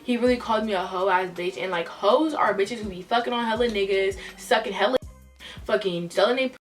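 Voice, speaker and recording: A woman's voice: mid-range voice, a little fast, far from the mic, soft background music. A young woman telling a storytime vlog in a casual, profane, emotional way. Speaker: vlogger. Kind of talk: storytime retelling.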